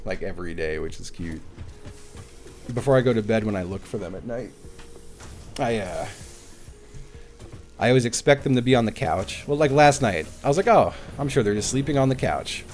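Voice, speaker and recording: A man's voice: lowish voice, animated, normal speed, pauses often, darkish tone, soft background music. A man streaming a game live, chatting casually and animatedly with his viewers, swearing now and then. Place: at home.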